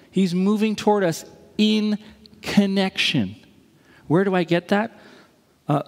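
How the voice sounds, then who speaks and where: A man preaching a sermon in a conversational, animated way, acting out the voices he quotes. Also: high voice. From Missouri. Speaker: pastor. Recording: reverberant hall.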